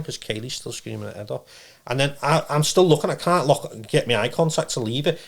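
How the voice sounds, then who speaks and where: A man tells a story in a quick, rambling way. He trips over his words and swears freely as he talks. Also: mid-range voice, vocal fry. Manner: rambling, fast, swearing, many restarts. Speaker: podcast guest, medium. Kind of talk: casual storytelling.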